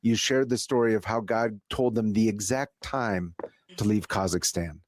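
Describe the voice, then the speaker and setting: A radio talk host with a lowish male voice and normal pace introduces his guest and recaps the story, hesitating often and laughing lightly. There is a little hiss or hum on the recording.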